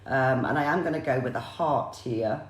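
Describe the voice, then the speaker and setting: A woman's voice: extremely low pitch, normal speed, echoey room. A woman working as a psychic medium, giving a chatty live-streamed reading and often repeating viewers' names.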